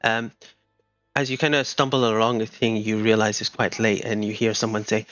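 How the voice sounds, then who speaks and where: A man narrating a tabletop game as game master, speaking haltingly with many fillers and restarts. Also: fairly low pitch, level tone, a bit bright, no room sound. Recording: muffled lo-fi mic, faint music.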